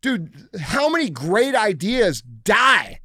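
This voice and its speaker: A middle-aged man hosts a podcast and talks in a fired-up, profane rant. His voice sits high for a man. The sound is close and dry, with no room echo. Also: sing-song, takes it slowly, sharp tone. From United States. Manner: blunt, profane, heated ranting. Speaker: podcast host. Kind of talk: casual podcast talk.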